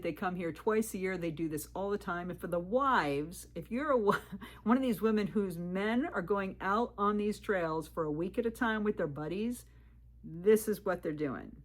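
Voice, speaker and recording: A woman thru-hiker telling a story to camera. She talks candidly and emphatically, warning viewers, and acts out what people said with "I'm like". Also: lowish voice. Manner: animated, retells talk with 'I'm like' quotes. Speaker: thru-hiker video creator.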